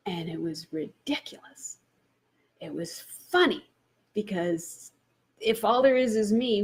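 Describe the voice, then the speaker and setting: A woman's voice: mid-range voice, a little mellow, breathy edge. A woman, a spiritual teacher, telling a personal story and laughing often as she retells it.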